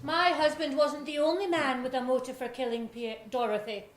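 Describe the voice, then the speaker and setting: An indignant wife, played by a woman on an amateur stage lays out her accusations in a fairly high voice. The hall gives her a strong echo. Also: steady tone, normal speed, close to an everyday voice. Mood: accusing. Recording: echoey hall.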